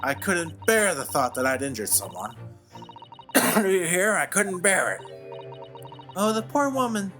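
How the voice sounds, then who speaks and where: A woman's voice: on the low side, very animated, a little slow, pauses often, fairly bright tone, faint music behind, voice pushed up. A man voicing a flustered, defensive housewife on a jury, fussy and indignant as he reads game dialogue aloud. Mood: distraught. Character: flustered middle-aged English housewife juror, defensive.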